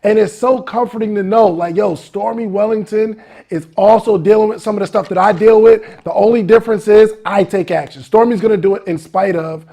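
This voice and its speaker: A man hosting a podcast who talks in an excitable, slangy way and says "yo" a lot. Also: high voice, brisk, creaky. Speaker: podcast host. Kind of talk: casual interview talk.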